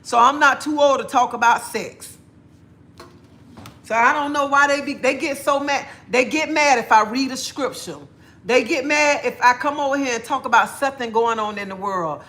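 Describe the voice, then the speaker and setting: A woman's voice: high voice, normal speed, a bit bright. A middle-aged woman, chatting bluntly on a livestream and laughing often. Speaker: livestream host. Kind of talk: casual livestream chat.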